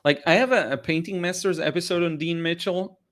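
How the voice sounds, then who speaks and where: This man speaks with a fairly high, fairly bright voice at a slightly quick pace while hosting a live art Q&A. He chats casually and with enthusiasm about paintings, rambling with lots of restarts and fillers. He sounds tired and yawns along the way in this laid-back livestream conversation.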